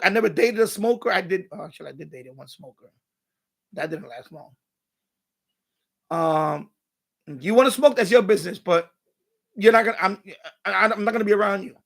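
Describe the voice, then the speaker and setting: A man's voice: high voice, vocal fry, fairly bright tone. A middle-aged man, ranting bluntly and profanely as he tells a story on his livestream. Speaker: livestream host. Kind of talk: casual ranting monologue.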